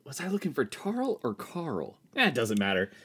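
A man's voice: mid-range voice, wildly swooping pitch, moderate pace, a bit bright, slightly rough, heavily acted. A man voicing an ancient male war captain who talks like a laid-back 1990s dude, slangy and upbeat. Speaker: podcast co-host. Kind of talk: improvised comedy role-play.

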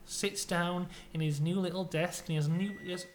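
A British man co-hosting a podcast, telling a made-up comic story in a playful, deadpan way. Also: high voice, brisk, slight background noise. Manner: playful, deadpan tall tales. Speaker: podcast co-host.

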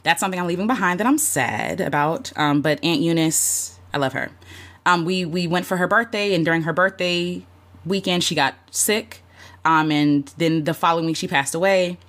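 A woman's voice: fairly low pitch, moderate pace, a bit bright. A woman hosting a casual livestream, speaking heartfelt and openly with many fillers, greeting and thanking viewers by name, emotional and near tears at times. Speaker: content creator hosting a livestream. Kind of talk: casual live-stream chat reflecting on the year.

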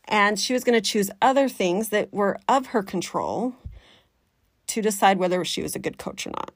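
A woman life coach, talking to her listeners in a chatty, animated way and slipping into the voice of her inner critic. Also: mid-range voice, normal speed, no echo, clean studio sound. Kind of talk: coaching podcast talk.

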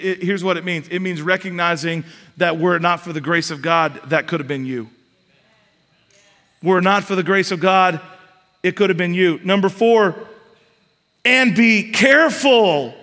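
A man's voice: high-pitched, pushed and bright. A man preaching a sermon in a conversational style, building emphasis and adding casual asides. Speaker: pastor. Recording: long hall reverb.

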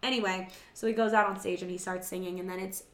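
A woman's voice: on the low side, fast talker, reverberant. A woman recapping a movie in casual chat, laughing often and acting out the characters' lines. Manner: laughing, animated, acts out lines and sings snatches.

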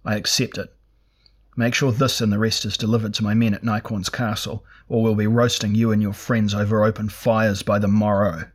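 A man's voice: fairly low pitch, normal speed, natural voice. A man voicing a cold albino sorcerer lord who speaks coolly and without emotion. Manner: cool, flat, unemotional.

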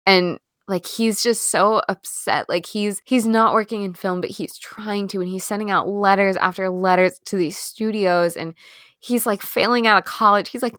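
A woman co-hosting a podcast, recapping a film in animated casual chat with many fillers and restarts. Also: medium pitch, normal speed, no echo, clean studio sound. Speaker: podcast co-host.

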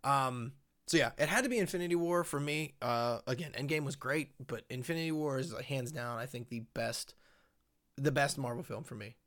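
With a medium-pitched, fairly bright voice and a moderate pace, a young man co-hosts a podcast. His casual chat wanders, and fillers come up often.

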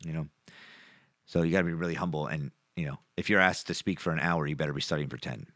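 Podcast co-host, male, deep and punchy, close and dry, rambling storyteller. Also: fast, a bit bright, no echo. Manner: rambling, laughs at own stories. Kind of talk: casual chat.

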